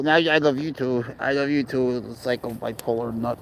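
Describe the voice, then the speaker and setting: A man's voice: medium pitch, steady tone, normal speed, gravelly, low-quality recording. A young man chatting casually on a phone livestream, rambling and crude as he answers viewer comments and talks to his cat outdoors.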